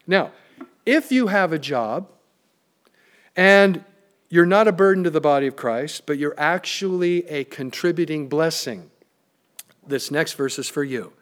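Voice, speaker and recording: A pastor preaching a sermon, emphatic and plain-spoken, with joking asides. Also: male voice, on the high side, a little slow, long pauses, a bit bright.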